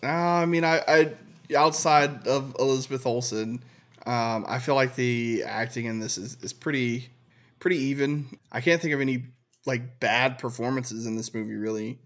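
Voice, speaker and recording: A man co-hosting a casual podcast, thoughtful and hesitant, with many pauses and ums. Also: mid-range voice. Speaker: podcast co-host.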